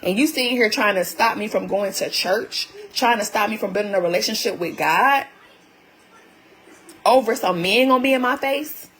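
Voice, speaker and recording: A woman's voice: medium pitch, moderate pace, a bit bright, rough recording. A woman venting to her viewers on a live stream, emphatic and full of repeated rhetorical questions.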